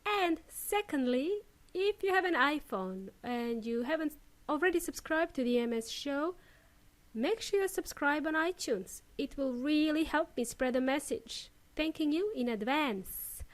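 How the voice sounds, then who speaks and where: Woman, podcast English teacher, high-pitched, unhurried, clear demonstrations. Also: animated. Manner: slow, clear demonstration of pronunciation, cheerful sign-offs.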